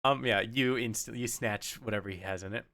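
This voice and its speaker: A man narrating as game master in a tabletop game, animated and laughing often. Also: on the low side, normal speed, no room sound, clean studio sound.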